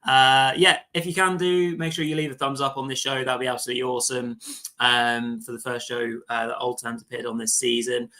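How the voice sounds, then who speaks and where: A man hosting a live fantasy football show, chatty and relaxed, with lots of fillers and restarts. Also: mid-range voice, brisk, low-quality recording. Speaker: host.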